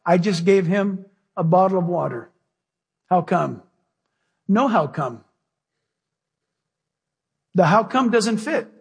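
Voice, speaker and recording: Husky high-voiced preacher in a reverberant hall. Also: male voice, animated, slow pace, pauses often. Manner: emphatic, folksy preaching with direct questions to the congregation. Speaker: pastor. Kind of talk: sermon. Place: church sanctuary with a live congregation.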